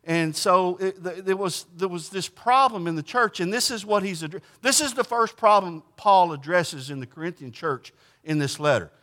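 A man's voice: high-pitched, moderate pace, sharp tone. A man preaching a conversational sermon, reading scripture aloud and explaining it in a folksy, emphatic way, often restarting his sentences. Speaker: pastor.

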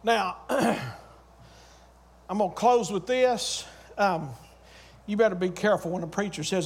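A man with a very high voice preaches at a moderate pace, urging his congregation through repeated phrases and calling out to them. He swings between loud urging and quiet storytelling.

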